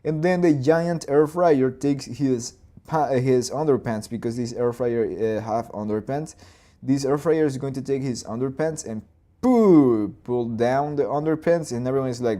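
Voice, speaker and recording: A man in his twenties or thirties hosting a live storyboarding session, talking loosely through his ideas, with restarts and boom and plop sound effects. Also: a little slow, warm tone. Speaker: animator and channel host.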